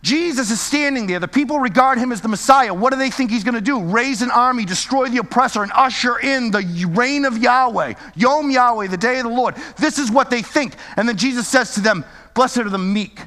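High-voiced man teaching a lively sermon. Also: a little fast, hardly any pauses, big-room sound. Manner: lively, keeps checking in with listeners with "right?" and "okay?". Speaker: Bible teacher.

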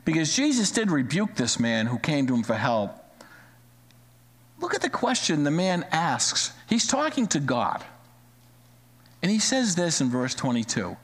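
Animated high-voiced male preacher in a hall. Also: a little slow, pauses often. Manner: animated, repeats phrases for emphasis. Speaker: pastor. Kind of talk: sermon. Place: church sanctuary, live-streamed. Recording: long hall reverb.

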